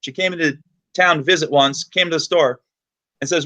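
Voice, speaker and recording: A man from the United States hosts a podcast, chatty and full of energy. He talks very fast, in a somewhat high voice. He tells stories freely and loosely. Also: fairly even intonation, sharp tone. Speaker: podcast host. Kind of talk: casual podcast chat.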